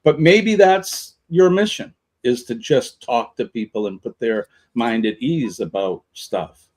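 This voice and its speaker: A man's voice: mid-range voice, a little slow, a little mellow. Earnest motivational man on a live chat show. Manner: earnest, motivational, rambling with fillers. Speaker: morning show co-host.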